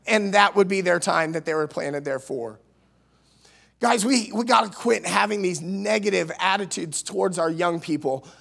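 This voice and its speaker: A man from Missouri preaching a sermon as youth minister, earnest, restarting words, swinging between loud and soft. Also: high voice, normal speed, gravelly. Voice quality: nasal at times. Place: church.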